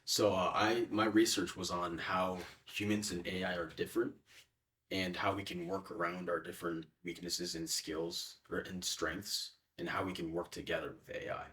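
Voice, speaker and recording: A man's voice: low-pitched, level tone, moderate pace, fairly bright tone, distant mic. A young man answering interview questions in a casual, hesitant way with many fillers. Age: young adult.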